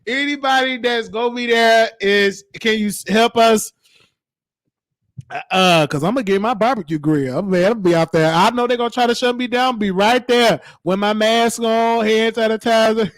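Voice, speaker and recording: A man hosting a casual live-stream chat, animated and joking with frequent laughter, his voice worn from talking. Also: sits high, normal speed, dry recording, studio quality. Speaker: show host.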